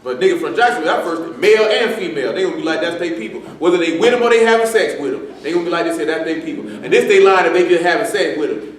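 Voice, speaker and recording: A man's voice: fairly high pitch, expressive, very fast. A man preaching a sermon in loose street slang, joking and quoting people. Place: church assembly hall. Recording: echoey hall from far off.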